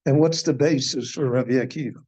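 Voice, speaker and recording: An older man, a rabbi, giving a slow, deliberate Torah class in a synagogue, posing questions and then answering them. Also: medium pitch, a little mellow, breathy edge. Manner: measured teaching, poses questions and answers them.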